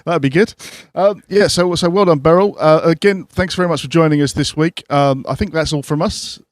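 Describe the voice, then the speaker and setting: A man's voice: on the high side, fairly quick, dry recording, studio quality. A man co-hosting a casual podcast, upbeat as he wraps up the show. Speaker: podcast co-host.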